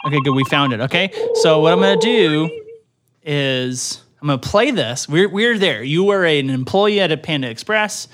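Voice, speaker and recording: A man hosting a podcast in casual chat, animated and quick to laugh loudly. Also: fairly high pitch, a little hiss or hum. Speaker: podcast host.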